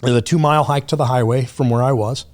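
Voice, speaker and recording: Male podcast guest, mid-pitched, laid-back and profane, easy storyteller on a studio mic. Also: steady tone, quick pace, a little mellow. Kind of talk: casual storytelling chat.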